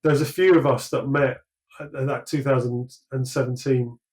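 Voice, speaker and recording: A man's voice: mid-range voice, steady tone, a little mellow, rough recording. Rambling British man in casual chat. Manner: rambling, halting, many restarts and fillers. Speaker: sculptor guest. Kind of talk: casual conversational interview.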